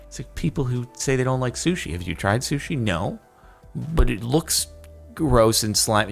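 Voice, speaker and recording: A man's voice: medium pitch, expressive, moderate pace, creaky. Exasperated young man ranting over music. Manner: exasperated, ranting, rising to loud outbursts. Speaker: YouTuber reacting to posts. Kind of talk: casual commentary.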